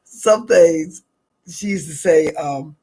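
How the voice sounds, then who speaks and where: A woman's voice: sits low, slow pace, warm tone, slightly rough. A middle-aged woman with a Southern US accent, chatting and telling stories in a drawling, laughing manner. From American South. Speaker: vlogger. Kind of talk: casual morning chat and storytelling.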